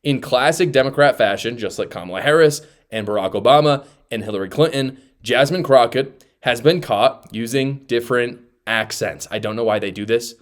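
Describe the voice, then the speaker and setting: A man's voice: mid-range voice, normal speed, few pauses. A man hosting a political commentary show, blunt and mocking in his opinions.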